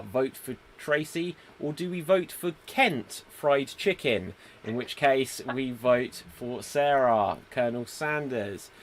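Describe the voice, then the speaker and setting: A man hosting a live online improv show, reading viewer comments and setting up scenes. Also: mid-range voice. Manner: easygoing, reads out viewer comments, sets up scenes. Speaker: host.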